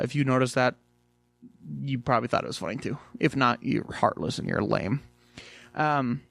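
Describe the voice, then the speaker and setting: A man casually reviewing a cartoon episode, chatty and animated, swearing freely and filling gaps with "like" and "um". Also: mid-range voice, no echo. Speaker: video reviewer.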